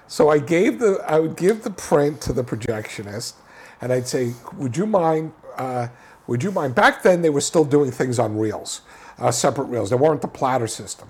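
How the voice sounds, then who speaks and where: A man telling a film anecdote in an interview, animated, with many restarts and repeated words. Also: mid-range voice, slightly rough. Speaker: filmmaker guest. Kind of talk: casual storytelling interview.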